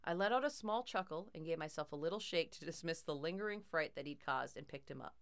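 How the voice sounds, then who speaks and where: A woman's voice: sits low, expressive, fast. A woman narrating a first-person horror story in a tense, dramatic way.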